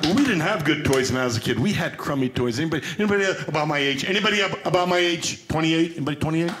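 A man doing stand-up comedy on a stage, quick and chatty, with self-mocking asides to the crowd. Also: on the high side, expressive. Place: theater stage before a live audience. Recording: echoey stage with loud crowd noise.

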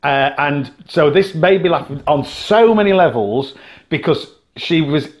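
A man from Britain with a slightly high voice tells stories as a podcast co-host. He laughs often and restarts his sentences as he goes along. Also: a little slow. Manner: animated storyteller, laughs often, many restarts. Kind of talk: casual chat.

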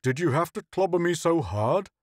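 A big, blunt crewman who talks in short, plain bursts, as a male narrator plays him. His voice is a little lower and softer than the narration. The reading is close and dry. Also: expressive, moderate pace, no echo, lightly acted. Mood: rueful. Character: big man, blunt, rueful.

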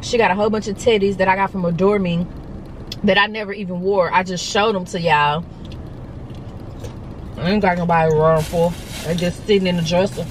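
A young woman vlogging casually, talking to viewers in an animated, slangy, joking way, first from a car and then outdoors on a hill. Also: lowish voice, fairly quick, slight background noise, low-quality recording.

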